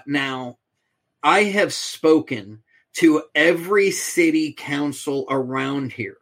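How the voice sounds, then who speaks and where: A middle-aged podcast guest with a voice slightly high for a man tells a story slowly. He's an animated storyteller who acts out both sides of quoted exchanges, switching voices for each speaker.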